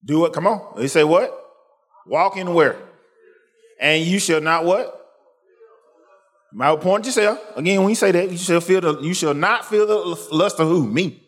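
A man's voice: high-pitched, a little slow, long pauses. A man preaching a sermon in call-and-response style, pushing the congregation to answer him. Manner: animated, calls for congregation responses.

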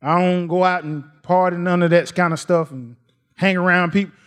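Male preacher, high voice, folksy and repetitive. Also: steady tone, moderate pace, clean tone. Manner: folksy, repeats phrases, rises to near shouts. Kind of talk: sermon.

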